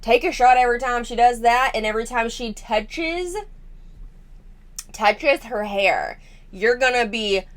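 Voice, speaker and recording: A woman hosting a commentary channel, reacting to a family vlog in a frank, unpolished way with lots of fillers. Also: medium pitch.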